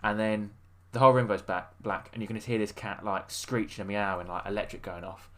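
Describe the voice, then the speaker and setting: A man's voice: lowish voice, steady tone, a little fast, fairly bright tone. A man co-hosting a podcast, telling long rambling stories in casual chat with many fillers. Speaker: podcast co-host.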